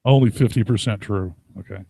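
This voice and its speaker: A podcast co-host with a low-leaning, warm, slightly rough voice talks briskly in a casual chat, with no room sound. He rambles, speaks crudely, laughs a lot, and acts out quotes.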